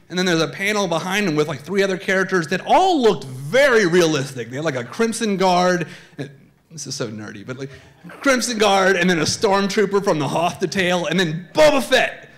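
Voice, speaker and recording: A man telling a comic true story live on stage, chatty and animated, slipping into voices. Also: sits high. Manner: animated, conversational, swings into voices. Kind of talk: live comedic personal storytelling. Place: theater stage before a live audience.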